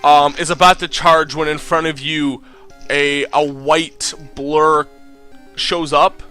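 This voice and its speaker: A young man narrating as game master in a tabletop game, halting and full of fillers. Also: on the high side, flat delivery, pushed and bright, clear, resonant tone, faint music behind. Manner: halting, many fillers and restarts.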